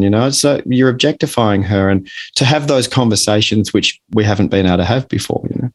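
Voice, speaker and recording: An Australian man speaking earnestly as an author guest in a podcast interview, getting animated when he acts out his examples. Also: on the low side, brisk, hardly any pauses.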